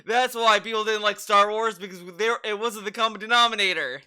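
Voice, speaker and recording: A man's voice: high-pitched, steady tone, fairly quick, pushed and bright, clear, resonant tone. A man streaming, reacting to a video with incredulous, mocking casual commentary and swearing.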